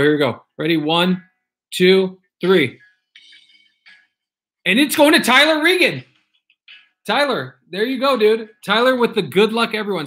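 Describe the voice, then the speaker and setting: Casual male streamer, slightly high voice, loose and repetitive, reads chat aloud. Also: a bit bright. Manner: chatty, reads viewer comments aloud, repeats himself. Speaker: livestream host opening card packs.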